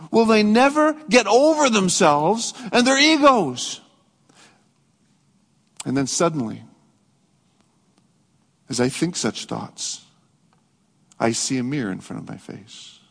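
A man preaching a sermon as pastor, earnest, rising to emphatic peaks and dropping to soft reflective passages. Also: high-pitched, animated, slow pace, vocal fry, long pauses. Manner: earnest, swings between raised emphatic and soft reflective delivery. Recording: long hall reverb.

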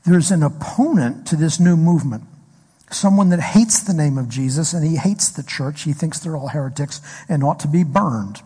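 A man's voice: fairly high pitch, lively intonation, moderate pace, warm tone, husky. A man preaching a sermon as pastor, telling a story and asking the congregation questions. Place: church hall. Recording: echoey hall recording.

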